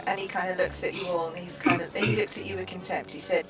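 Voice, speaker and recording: A woman narrating a tabletop game as game master, halting with many fillers. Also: fairly low pitch, flat delivery. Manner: halting, full of fillers and laughter. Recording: distant dull recording with music.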